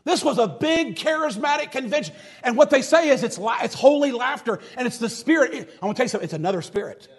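A man's voice: extremely high pitch, lively intonation, fast talker. A man preaching a sermon in a folksy, mocking manner. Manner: folksy, mocking, preaching with rising and falling intensity.

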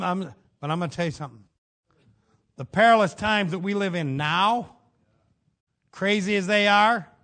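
Man preaching, folksy, bursts of shouting and low asides, high voice. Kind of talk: sermon.

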